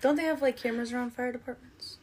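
A young woman from Florida co-hosting a true crime podcast, chatting casually with quick, slangy wisecracks. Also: fairly high pitch, steady tone, a little mellow, husky. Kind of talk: casual chat.

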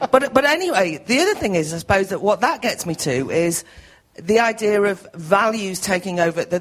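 A woman's voice: fairly low pitch, husky. A woman in the audience questioning a panel, forthright and argumentative, laughing between points. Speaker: audience member asking a question. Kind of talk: question from the floor.

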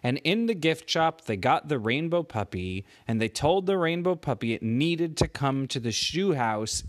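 A man improvising a bedtime story for a child, animated and stopping to ask the child questions. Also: mid-range voice. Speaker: parent telling a bedtime story.

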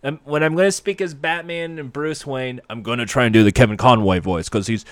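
A man's voice: mid-range voice, a little fast, no room sound, studio quality. A man giving a sarcastic, profane, rambling comedic recap of a TV episode.

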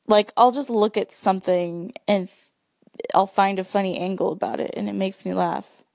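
A woman's voice: medium pitch, steady tone, creaky, darkish tone, no room sound. Chatty woman with a dry close sound. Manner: chatty, fast, lots of fillers. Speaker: sibling in casual chat. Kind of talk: casual chat.

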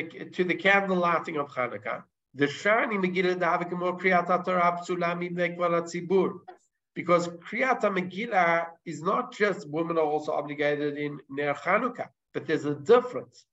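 A man leads a Talmud lesson in a fairly high voice. He works through the argument step by step, dropping Hebrew terms into his English and restarting sentences as he goes. The recording sounds dull and lo-fi. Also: sharp tone. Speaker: Torah teacher. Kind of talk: Talmud class lecture.

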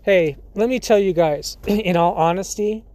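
Podcast host, casual solo monologue, frequent laughter, fillers and throat clearing, slow delivery, warm dark tone. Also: mid-range voice, no room sound. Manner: laughs often between thoughts.

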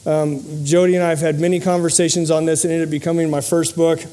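A man's voice: fairly high pitch, level tone, fast talker, dark tone, clear, resonant tone. A man giving a motivational speech to a live audience, telling personal stories in an earnest, humorous way. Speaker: motivational speaker and podcast host.

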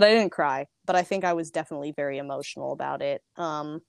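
Chatty young woman, fast and lively. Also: low voice, gravelly, clear, resonant tone, dry recording, clean studio sound. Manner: chatty, frequent "like" fillers; lively, acts out quotes. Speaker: storyteller. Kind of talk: personal storytelling.

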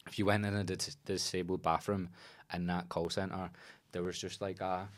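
A man's voice: sits low, flat delivery, moderate pace, no echo. A young man with a Northern Irish accent, telling stories with lots of swearing in a casual podcast chat. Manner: swearing, storytelling, laughing. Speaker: podcast host and coach.

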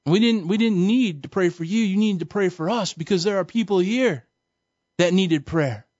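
A calm, plain-spoken male evangelist, told by a preacher in his own voice, asking pointed questions without any snark. The voice sits a little high for a man. It is dry and dulled, with no room around it. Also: normal speed, dry recording, close to an everyday voice. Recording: dull, dry recording.

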